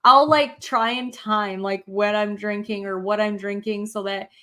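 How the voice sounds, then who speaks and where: A woman's voice: medium pitch, fairly even intonation, a little slow, bright, forceful tone. A woman co-hosting a casual chat, speaking frankly with lots of fillers and the odd swear. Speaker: co-host.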